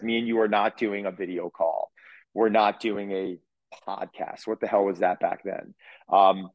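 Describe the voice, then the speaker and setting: Blunt, emphatic man with a low voice. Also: no echo, lo-fi sound. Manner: emphatic, animated, blunt, casual swearing. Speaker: fitness coach, podcast guest. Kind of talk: casual interview talk. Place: on a video call.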